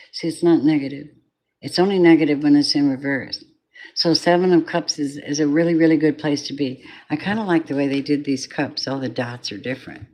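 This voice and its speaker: A tarot reader with a low-pitched, darkish voice gives a collective reading. She's rambling and candid, swears often, and drifts into spiritual asides.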